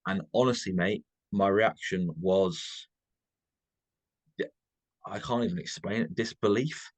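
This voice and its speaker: Deep-voiced guy telling a story. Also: a little slow, no room sound. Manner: excitable storyteller, says "mate" constantly. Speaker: podcast guest, bodybuilding coach. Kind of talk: casual podcast chat.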